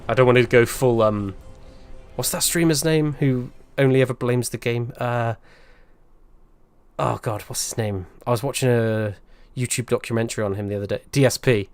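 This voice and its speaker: A man's voice: medium pitch, normal speed, no room sound. A man commentating casually while live-streaming a game, chatty and rambling, laughing often and grumbling about the fight.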